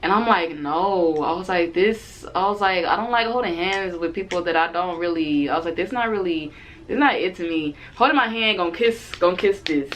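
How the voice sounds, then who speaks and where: A woman's voice: on the low side, normal speed, slight background noise. A woman in her twenties, a vlogger telling a story casually to the camera and acting out what both people said. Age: 20s. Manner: animated, acts out both sides of the date in quotes.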